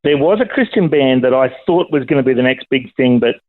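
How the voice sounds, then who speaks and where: A man's voice: mid-range voice, animated, a little fast. A middle-aged man calling in to a radio show, chatty and enthusiastic, joking around with the hosts. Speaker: caller, radio presenter. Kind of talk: casual chat on a phone call. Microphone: phone. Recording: tinny phone line.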